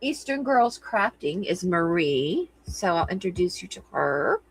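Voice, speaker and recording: A woman's voice: lowish voice, very animated, measured pace, breathy edge, low-quality recording. A middle-aged woman hosting a crafting livestream, chatting casually and giggling while reading viewer comments.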